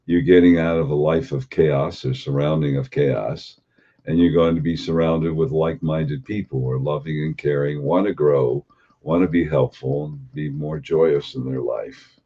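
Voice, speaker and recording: A man giving an unhurried spiritual talk as a teacher, posing and repeating rhetorical questions. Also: rumbling low, fairly even intonation, dark tone, slightly rough. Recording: dull lo-fi recording.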